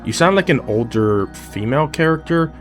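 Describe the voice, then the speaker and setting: A man's voice: a little high, expressive, normal speed. A man casually commenting on a video game, joking and exasperated as he talks to the characters. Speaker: gaming video host. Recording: loud game music and chorus behind voice.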